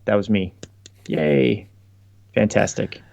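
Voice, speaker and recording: A man with an ordinary mid-pitched voice, co-hosting a casual sports stream. He talks fast and loosely and drops dry, sarcastic jokes between points. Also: creaky, darkish tone. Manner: quick, wry, sarcastic asides. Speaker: podcast co-host. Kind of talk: casual live-stream chat.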